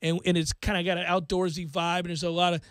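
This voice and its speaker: High-voiced middle-aged man ranting on radio. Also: fast talker, no room sound. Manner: animated, ranting storyteller. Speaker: sports radio host. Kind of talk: casual sports radio chat. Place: radio studio. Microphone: studio microphone.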